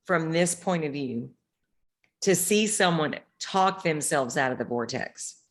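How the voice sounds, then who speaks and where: Woman, low voice, middle-aged, casual podcast chat, candid storyteller, blunt language. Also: lively intonation, measured pace. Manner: candid storytelling, swears freely. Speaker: podcast co-host.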